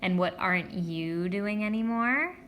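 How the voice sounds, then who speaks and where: Firm, cheerful storybook neighbor mom, brisk delivery; a woman reader, bright tone. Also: medium pitch, a little hiss or hum, natural voice.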